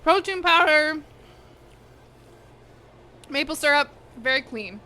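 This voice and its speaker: In a home kitchen, a woman running a cooking live stream talks to her audience in a loose, outspoken way between bites, swearing plenty and occasionally talking with her mouth full. Her pitch is fairly high, her speed normal, and her tone bright and forceful.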